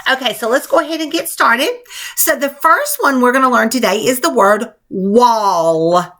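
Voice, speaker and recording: Woman teacher spelling slowly for children. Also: a little high, a bit bright. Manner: slow, clear, encouraging, spells letter by letter. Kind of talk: spelling lesson for young children.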